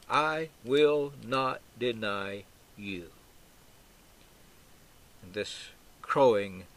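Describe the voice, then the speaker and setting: A man teaching through a Bible passage in an expository sermon, stressing quoted lines with emphatic swells. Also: medium pitch. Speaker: preacher.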